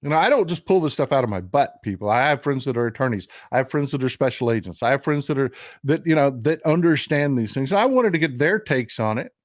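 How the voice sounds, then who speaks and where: A man's voice: mid-range voice, lively intonation, fast talker, dry recording, clean studio sound. Emphatic man hosting political commentary. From Texas. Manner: emphatic, repeats and restarts words, addresses viewers as folks. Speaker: livestream host.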